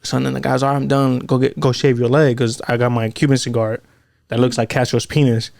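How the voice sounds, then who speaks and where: Fast-talking gravelly male podcast host. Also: mid-range voice, little pitch movement, darkish tone, dry recording. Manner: slangy, swears freely, acts out quoted lines in bursts. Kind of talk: casual storytelling chat.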